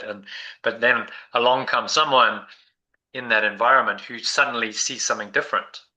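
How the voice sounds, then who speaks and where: Bright-voiced man musing. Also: on the low side, poor audio. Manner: meandering, reflective, many restarts. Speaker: meditation group leader. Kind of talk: casual spiritual discussion.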